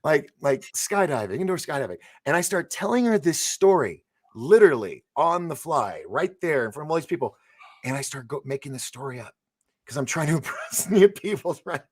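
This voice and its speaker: A man's voice: a little high, fairly quick, breathy edge. A man hosting a live interview show, telling long stories in casual chat with frequent laughs and restarts. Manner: animated storyteller, laughs and restarts often. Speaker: show host.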